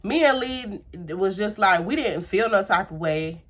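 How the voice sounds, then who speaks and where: A woman's voice: mid-range voice, lively intonation, a little slow, fairly bright tone. A young adult woman casually telling a personal story to camera, chatty, repeating herself and using many filler words. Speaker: storytime vlogger.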